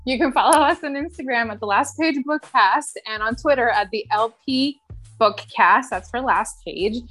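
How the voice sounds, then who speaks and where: A woman's voice: fairly high pitch, normal speed, fairly bright tone, soft background music. A woman co-hosting a casual book podcast, teasing her co-hosts and laughing often. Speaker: podcast co-host. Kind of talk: casual chat.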